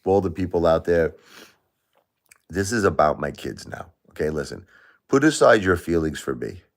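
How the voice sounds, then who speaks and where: Middle-aged male streamer, low voice, grieving and repetitive, speaks straight to viewers. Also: expressive, moderate pace. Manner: grieving, repeats himself, emotional swings. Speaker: livestream host. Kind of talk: emotional livestream talk to viewers.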